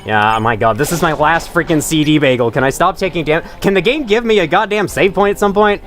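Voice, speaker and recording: Fast-talking and fairly high-pitched, this man has a fairly bright tone over soft background music. Playing a game live from home, he keeps up a chatty commentary, reads chat to his audience, and lets out swears when the game goes wrong.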